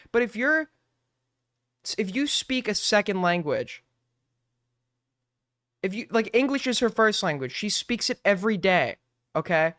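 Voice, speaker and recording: Man, streamer, ranting commentary, profane, incredulous, smooth voice, dry sound. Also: high-pitched, a bit bright, no echo. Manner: profane, incredulous, repeats himself. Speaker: streamer host.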